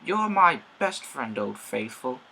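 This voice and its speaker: A man voicing an excitable, cheeky male steam engine in a fan-made story. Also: mid-range voice, slow pace, gravelly, a little hiss or hum, full character voice, rough recording. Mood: eager. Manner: excitable, boastful.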